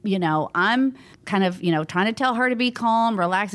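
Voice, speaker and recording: A woman, a guest in an interview, telling a story in a lively conversational way and acting out what people said. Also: lowish voice, normal speed, smooth. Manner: animated, acts out what people said.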